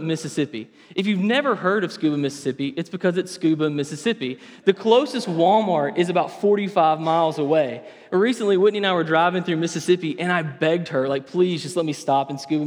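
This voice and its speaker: A young man delivering a sermon lesson in a casual, animated, conversational way, often restarting his phrases. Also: fairly high pitch. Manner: animated, conversational, self-correcting. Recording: reverberant hall sound.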